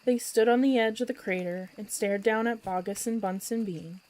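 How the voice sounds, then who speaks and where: A woman storyteller reading a children's book aloud at bedtime with expressive, lively narration. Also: mid-range voice, moderate pace, hardly any pauses, rough recording.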